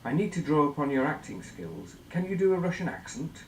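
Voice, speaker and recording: A man's voice: on the high side, sing-song, a little mellow, a little hiss or hum. Man explaining in an echoey room. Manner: measured, explanatory, asks guiding questions. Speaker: instructor. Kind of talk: scripted educational presentation.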